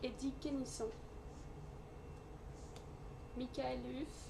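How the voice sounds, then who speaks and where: Brief: French-accented woman, fairly high voice, dry teasing co-host, hum in the room. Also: steady tone, takes it slowly, vocal fry. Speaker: co-host reading the cards. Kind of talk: casual chat.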